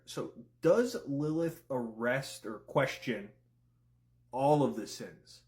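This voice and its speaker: A man giving casual commentary, firing off questions and swearing freely. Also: medium pitch. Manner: rapid-fire questions, profane, excitable. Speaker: content creator.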